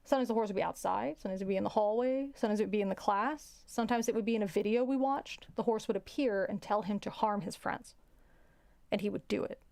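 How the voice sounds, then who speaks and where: A young adult woman, a teacher, telling a story in a casual, halting way, often repeating words and sighing. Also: mid-range voice, vocal fry, darkish tone.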